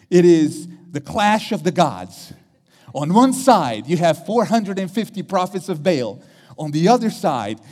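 A man's voice: medium pitch, a little mellow, big-room sound. A man preaching a sermon, retelling a story dramatically and acting out the quotes.

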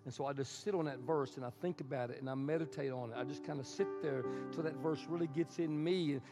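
A man preaching a sermon as pastor, using rhythmic repetition and call-and-response, building from quiet to loud. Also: on the high side.

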